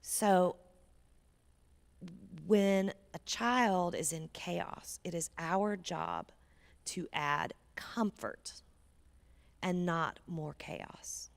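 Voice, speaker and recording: Woman doing a church parenting talk, kinda low voice with some vocal fry, earnest and chatty, goes almost whispery to make a point. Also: drawn-out words, long pauses. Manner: earnest, conversational, drops to a near whisper for emphasis. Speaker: guest speaker.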